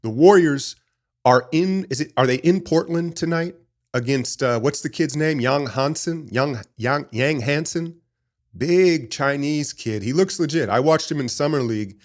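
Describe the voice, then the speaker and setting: A man hosting a casual basketball talk show, rambling and opinionated in an animated fan's way. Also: on the high side, moderate pace. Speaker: sports podcast host. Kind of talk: casual sports commentary.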